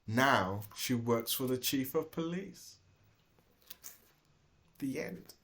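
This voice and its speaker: A man reading a rhyming children's storybook aloud with an expressive, sing-song delivery. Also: medium pitch, slow. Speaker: storybook reader.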